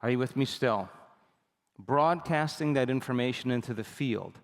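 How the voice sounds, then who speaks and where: A man giving a motivational seminar talk, telling stories with animated energy and often checking that the audience is with him. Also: mid-range voice, normal speed, long reverb tail. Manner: animated storytelling, repeatedly asks the audience for agreement. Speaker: seminar speaker.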